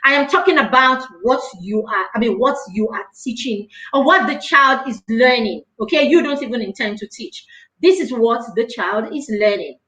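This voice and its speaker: Woman, parenting coach, emphatic and repetitive delivery, high voice, echoey room. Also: animated, moderate pace, fairly bright tone. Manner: earnest and emphatic, repeats phrases for stress. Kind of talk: live parenting talk.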